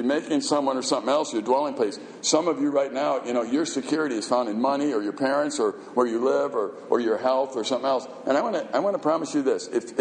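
A man's voice: mid-range voice, a little mellow. A man preaching a sermon as a pastor, emphatic and conversational, firing off rhetorical questions. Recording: echoey hall reverb.

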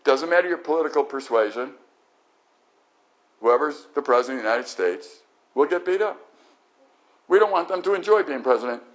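A man's voice: on the high side, a little fast, pauses often. Guy preaching with a lot of swing in his voice, kinda dull muffled recording. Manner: animated preaching, acts out quoted voices. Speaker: pastor. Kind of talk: sermon.

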